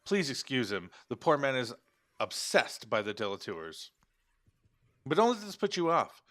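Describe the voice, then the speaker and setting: A man voicing a suave, snobbish middle-aged gentleman with a put-on French accent, speaking smoothly and courteously in an ingratiating way. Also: medium pitch, big pitch swings, normal speed.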